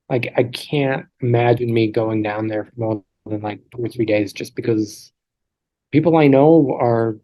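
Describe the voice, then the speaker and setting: A man's voice: medium pitch, lo-fi sound. A man in his thirties, a guest telling stories in a chatty, self-deprecating way with many restarts, heard over a video call. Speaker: interview guest.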